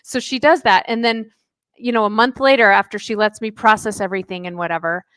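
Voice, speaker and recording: A middle-aged woman, a life coach, telling a lively personal story as a podcast guest, acting out the dialogue. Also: mid-range voice, brisk, smooth, no echo. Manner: chatty, animated storyteller who acts out dialogue. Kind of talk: casual interview storytelling.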